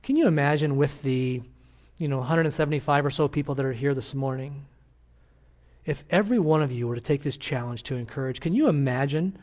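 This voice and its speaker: A man serving as senior pastor addresses his congregation in a church, his mid-range voice brisk and darkish. His sermon mixes earnest stories with emphatic urging of those listening.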